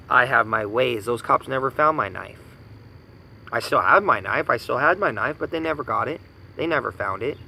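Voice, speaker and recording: A man's voice: medium pitch, vocal fry, pushed and bright, a little hiss or hum, poor audio. A man in his thirties from the United States giving an angry personal rant, indignant and profane, hammering points with repetition. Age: 30s. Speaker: vlogger ranting.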